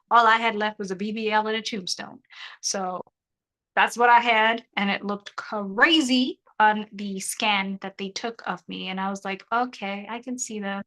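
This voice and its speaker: Bright, animated woman streaming. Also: medium pitch, low-quality recording. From South Africa. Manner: animated, joking, reads chat aloud. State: half her mouth numb after dental surgery. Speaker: YouTuber hosting a live stream. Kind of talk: casual live-stream chat.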